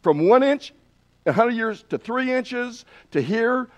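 A man preaching a sermon in an earnest way, often restarting phrases and pausing on fillers. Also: very high-pitched, expressive.

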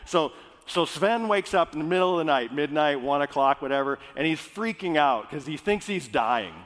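A man's voice: a little high, lively intonation, moderate pace, fairly bright tone. A male pastor from Minnesota, praying and then preaching in an earnest, conversational way. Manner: earnest, conversational, restarts phrases. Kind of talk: sermon. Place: church sanctuary. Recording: echoey hall.

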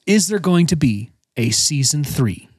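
Man, podcast co-host, slightly high voice, dry close sound, goofy and excitable. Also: measured pace, slightly rough, dry recording. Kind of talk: kids' comedy podcast chat.

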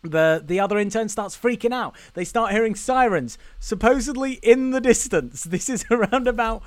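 A man's voice: high-pitched, moderate pace, no room sound. A man co-hosting a podcast, casually recapping a film scene by scene and acting out lines as he goes. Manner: animated retelling, acts out film lines. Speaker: podcast co-host.

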